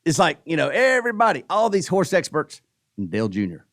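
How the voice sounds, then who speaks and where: A man co-hosting a podcast in casual chat, telling a relaxed story with quoted voices. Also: fairly high pitch, fairly quick, dry recording, clean studio sound. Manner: laid-back, tells anecdotes with quoted voices. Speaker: podcast co-host.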